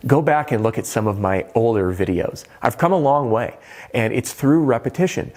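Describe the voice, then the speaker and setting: A man, a roofing sales trainer, giving a direct-to-camera sales training talk, animated and playing with pauses and tone. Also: mid-range voice.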